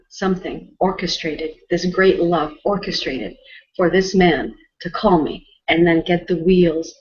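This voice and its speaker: A woman from Canada with a lowish voice tells a heartfelt personal story as a host. She is earnest and emotional and often restarts her sentences. The audio is muffled and lo-fi. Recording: dull lo-fi audio.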